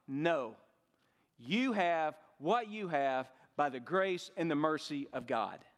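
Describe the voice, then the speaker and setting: A man's voice: a little high, expressive, takes it slowly, in a large hall. A male pastor preaching a sermon, rising and dropping his voice for emphasis.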